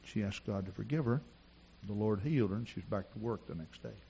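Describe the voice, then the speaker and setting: A man preaching a sermon in a church, telling personal stories and rising to shouts at the climax. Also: lowish voice, fairly quick, vocal fry, lo-fi sound, a little hiss or hum. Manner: storytelling preacher who builds to shouting.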